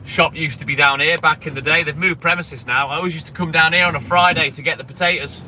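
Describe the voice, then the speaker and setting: A man's voice: on the high side, fairly even intonation, fast talker, pushed and bright. A man chatting casually to a live stream chat while on his milk round, swearing freely and greeting viewers by name. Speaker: milkman streamer. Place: in a vehicle on a delivery round. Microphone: phone camera. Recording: noisy with street and car sound. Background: car and street noise.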